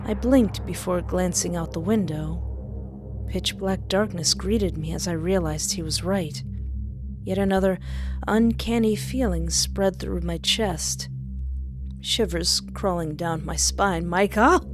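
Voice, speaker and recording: A woman narrating a first-person story in a measured, hesitant way, pausing often. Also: lowish voice, music in the background. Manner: slow, measured reading with hesitant pauses.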